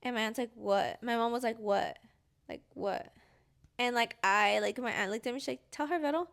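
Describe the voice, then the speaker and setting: A woman's voice: a little high, steady tone, moderate pace, gravelly, fairly bright tone. A young woman co-hosting a podcast, telling a personal story casually and full of "like", acting out the dialogue. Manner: rambling, heavy use of "like", acts out quoted dialogue. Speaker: podcast co-host.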